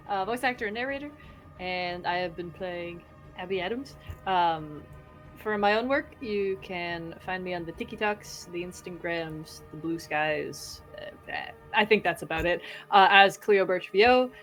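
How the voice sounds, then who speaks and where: A woman's voice: fairly low pitch, unhurried, fairly bright tone, faint music behind. A woman voice actor and narrator introducing herself in easygoing, giggly talk. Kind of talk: casual chat, self-introduction.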